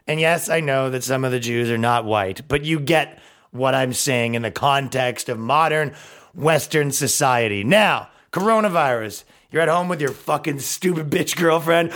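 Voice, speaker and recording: A man's voice: animated, normal speed, fairly bright tone. A man hosting a comedy podcast, delivering a crude, sarcastic monologue and dropping into mocking voices. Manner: crude sarcastic riffing, swings between mocking high and low put-on voices. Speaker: podcast host.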